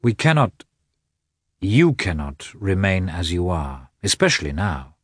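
A man reading an audiobook, voicing an earnest young officer who speaks in a firm, calm and persuasive tone. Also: deep voice, measured pace, breathy edge, no room sound, clean studio sound, heavily acted.

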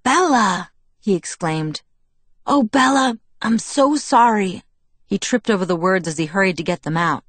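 A woman voicing an eager, remorseful teenage werewolf boy who rushes and trips over his words, in an audiobook reading. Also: lowish voice, steady tone, dry recording, close to an everyday voice. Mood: pleading.

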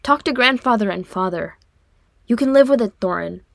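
A woman voicing a small, cheeky young male dwarf who teases his older brother in a high, pleading tone, for an audiobook reading. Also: expressive, moderate pace, creaky, no echo, studio quality. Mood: earnest. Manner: bright, teasing, high and pleading.

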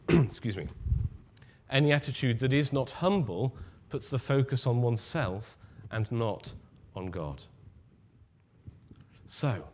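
A man preaching a sermon in a measured, emphatic way, dropping to a near-whisper on key words. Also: a little high, a little mellow.

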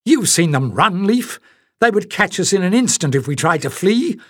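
A fierce, quick-tempered young girl who speaks in a high, urgent voice, voiced by a male storybook reader. Her lines come out clipped and sharp, with a dry, close sound. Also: big pitch swings, slightly rough, no room sound, exaggerated voice. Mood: furious. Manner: sharp, urgent, raised-pitch voice.

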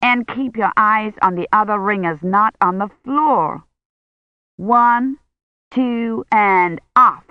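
A woman's voice: mid-range voice, dry recording, pitched above the performer's own voice, lightly acted. A reader voicing an exacting female bell-ringing instructor who counts out the steps. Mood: instructing. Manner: commanding, counts out steps slowly. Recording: dull lo-fi sound.

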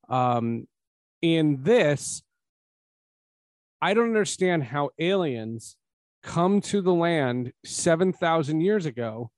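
A man's voice: on the high side, no room sound. A man hosts a casual podcast review, his slightly raised voice climbing as he drives home emphatic points. The sound is dry and close, with little room around it. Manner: animated, rising to emphatic points. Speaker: podcast host. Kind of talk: casual film review chat.

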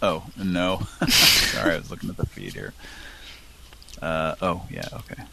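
A man's voice: sits low, big pitch swings, a little slow, creaky, sharp tone, a little hiss or hum. A man co-hosting a live stream, chatting casually and rambling with lots of fillers and restarts. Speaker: co-host of a live prank-call stream.

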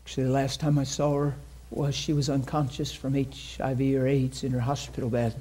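A man's voice: medium pitch, little pitch movement, a little fast, dark tone, husky. A man preaching a sermon to a congregation, telling a story in an earnest, conversational way and acting out the voices of the people in it. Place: church in front of a congregation.

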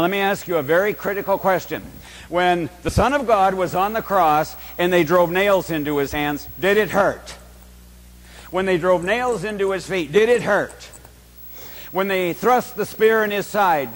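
A man preaching from a pulpit in a high, lifted voice. He moves slowly and deliberately and keeps asking the congregation questions. Long reverb from the church hangs behind every phrase. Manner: slow, emphatic preaching with rhetorical questions to the congregation. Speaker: pastor. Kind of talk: sermon.

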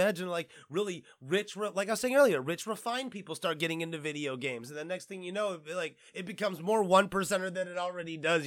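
A man's voice: high voice, expressive, a little fast, few pauses, fairly bright tone, no room sound, studio quality. A man hosting a gaming commentary show, ranting casually and profanely with lots of restarts.

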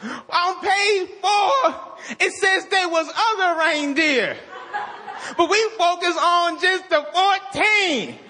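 A man putting on a mocking, indignant male blogger who rants against Santa Claus, shouting and laughing as he goes. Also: animated, slow, a little hiss or hum, exaggerated voice. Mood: mock ranting. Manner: shouting, laughing, high-pitched mockery.

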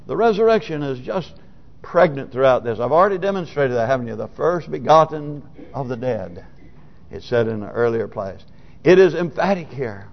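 A man preaching a sermon as pastor, moving between quiet, hushed passages and loud, emphatic declarations. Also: medium pitch, lively intonation, unhurried, vocal fry. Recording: lo-fi sermon recording in a reverberant hall.

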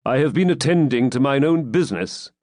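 A man reading a cool, calm Norman knight. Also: mid-range voice, fairly quick, no room sound, clean studio sound, close to an everyday voice. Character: cool, pleasure-loving medieval Norman knight.

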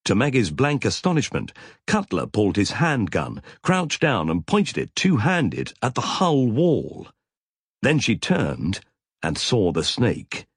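Husky-voiced man narrating an audiobook. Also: fairly low pitch, wildly swooping pitch, takes it slowly, dry recording, clean studio sound. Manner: vivid, tense storytelling.

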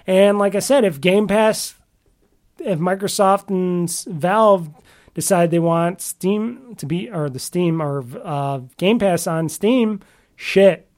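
Speaking slowly in a medium-pitched, darkish voice, a podcast host chats on his own about games. He rambles and restarts sentences often, sounding offhand and a bit grumbly.

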